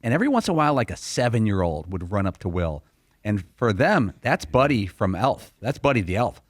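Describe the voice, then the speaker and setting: A man co-hosting a radio show, telling a story quickly and enthusiastically. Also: lowish voice, very animated, dry recording, clean studio sound. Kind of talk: casual studio chat.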